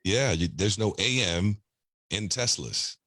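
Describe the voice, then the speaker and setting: A middle-aged man with a deep baritone voice, chatting casually as a radio personality guest, laid-back with chuckling asides. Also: slow pace, bright, forceful tone, dry recording, clean studio sound. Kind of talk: casual interview chat.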